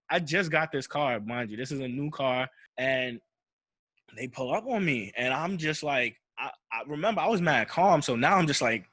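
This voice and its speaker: A man's voice: mid-range voice, animated, moderate pace, sharp tone, dry recording. Young man, storytelling. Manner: slangy, repeats "I'm like" and restarts while retelling. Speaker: podcast host. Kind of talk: casual personal storytelling.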